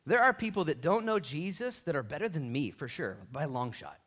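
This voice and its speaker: A man preaching a sermon in a casual, conversational way, acting out quoted lines with big swings in loudness. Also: fairly quick. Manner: animated, acts out quotes with big pitch and volume swings. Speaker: pastor.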